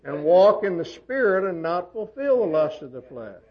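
A man preaching a sermon, swinging from loud emphatic peaks down to quiet asides. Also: big pitch swings, moderate pace. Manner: emphatic, rising to loud high peaks then dropping quiet. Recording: dull lo-fi sermon recording.

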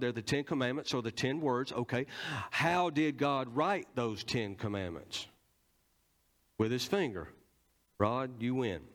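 Southern preacher teaching his congregation. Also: medium pitch. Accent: Southern American. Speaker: pastor. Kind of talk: sermon.

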